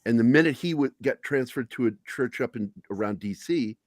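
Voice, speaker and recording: A man's voice: mid-range voice, lively intonation, brisk, no echo, clean studio sound. A middle-aged man hosting a talk show, telling candid personal stories in a blunt, profane, self-deprecating way. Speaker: podcast host.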